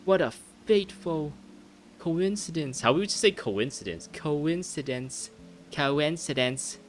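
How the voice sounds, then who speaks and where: A man's voice: on the high side, expressive, unhurried, faint music behind, pitched above the performer's own voice. A man voicing an eager, earnest young fish prince in a put-on British accent, reading game lines in a raised voice. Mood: astonished. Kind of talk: reading game dialogue aloud.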